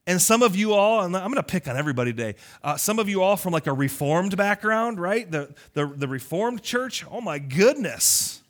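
A male pastor preaching a lively, conversational sermon, teasing his congregation. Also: high-pitched, moderate pace, few pauses.

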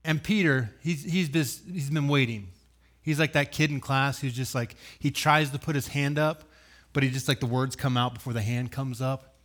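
A man preaching a sermon, telling the story with animated acted-out voices, loud sudden bursts and dry joking asides. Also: mid-range voice, moderate pace. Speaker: pastor.

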